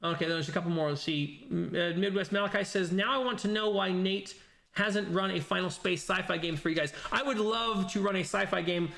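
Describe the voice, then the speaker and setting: A man with a notably high voice hosts a relaxed stream, reading out viewer comments. He rambles, circles back, and restarts sentences often. His tone is bright and forward. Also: a little fast, vocal fry. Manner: rambling, with frequent restarts and self-corrections. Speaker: host reading live chat comments. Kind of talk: casual livestream chat.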